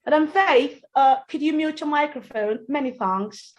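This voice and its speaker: A woman teaching pronunciation in an online class, repeating words slowly and carefully for the students. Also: sits high, dull audio. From Nigeria. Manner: slow, drilled repetition of words. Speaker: diction teacher.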